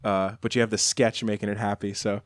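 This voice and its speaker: A man's voice: on the low side, level tone, fairly quick, no room sound, studio quality. A man co-hosting a podcast, chatting casually and enthusiastically about songs. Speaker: podcast co-host. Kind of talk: casual chat.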